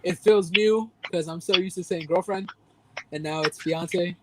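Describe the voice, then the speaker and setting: A man's voice: high voice, a little slow, noisy background. A man co-hosting a podcast, chatting casually and telling funny stories. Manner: animated storyteller, mimics voices in quotes. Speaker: podcast co-host. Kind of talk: casual chat.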